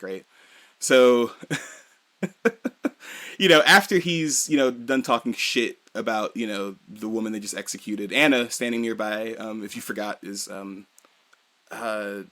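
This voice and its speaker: A man co-hosting a podcast, recapping a story in relaxed, animated talk and swearing casually. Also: fairly low pitch. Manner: animated recap that slips into quick character voices, swears freely. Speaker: podcast co-host. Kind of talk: casual chat.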